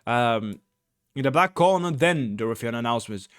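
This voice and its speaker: A man's voice: fairly low pitch, lively intonation, normal speed. A man playing through a gamebook, reading it aloud with rambling commentary, many fillers and blurted swearing. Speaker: gamebook let's-player.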